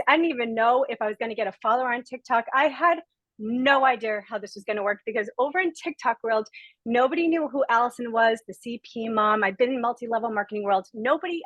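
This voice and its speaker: A woman's voice: a little high, a bit bright, no echo, rough recording. A woman in her forties from Rhode Island, emotional and near tears, giving an earnest, gushing testimonial as a guest speaker on a webinar video call.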